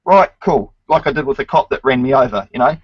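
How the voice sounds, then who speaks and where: A man's voice: medium pitch, lively intonation, fast talker, no room sound. A man hosting a casual online chat, lecturing emphatically and swearing often. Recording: dry, dull lo-fi sound.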